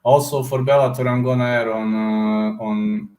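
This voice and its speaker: A man from Serbia, hosting a casual livestream with a hoarse throat and often pausing to search for words. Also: mid-range voice, fairly even intonation, a little mellow, echoey room. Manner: halting, searching for words, many fillers. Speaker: livestream host answering chat.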